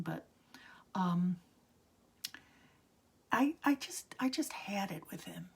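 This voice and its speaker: A gravelly, husky woman in her sixties tells a story from her own life. Her low voice keeps slipping into a soft, breathy whisper. The delivery feels intimate and confiding. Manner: drops often into a hushed whisper. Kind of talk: personal storytelling.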